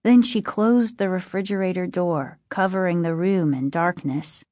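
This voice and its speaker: A woman narrating a spooky storybook with a measured, suspenseful delivery. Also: on the low side, a little mellow, dry recording, clean studio sound.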